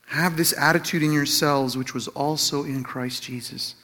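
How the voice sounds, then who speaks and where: A middle-aged man telling a personal story in a sermon, animated and self-laughing, acting out what others said. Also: fairly high pitch, moderate pace. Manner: animated storytelling, acts out quotes, laughs at himself. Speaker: Christian teacher or pastor.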